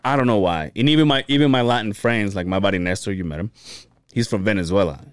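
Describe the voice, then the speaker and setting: A man's voice: fairly low pitch, quick pace, clean tone, dry recording. A young man co-hosting a podcast, talking casually, rambling with restarts, cursing and laughing. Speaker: podcast co-host. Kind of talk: casual chat.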